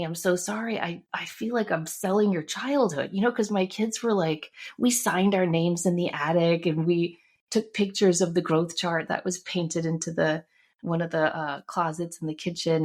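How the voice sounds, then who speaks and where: A middle-aged woman in an easygoing conversation, recounting a personal story with feeling and slipping into the voices of the people in it. Her voice sits a little low. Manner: warm storytelling, emotional, acts out quotes. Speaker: podcast co-host. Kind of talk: casual chat.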